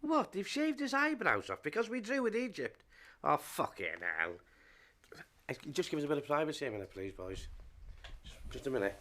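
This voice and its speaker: An actor playing a grumbling dad who rants indignantly and talks on the phone. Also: male voice, fairly high pitch, sing-song, normal speed, bright, forceful tone. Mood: glum.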